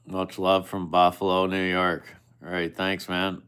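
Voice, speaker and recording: Slow, deep-voiced man bantering on a stream. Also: monotone, fairly bright tone, smooth. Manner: teasing, bantering, swears casually. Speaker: live streamer. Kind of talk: casual live-stream chat with viewers.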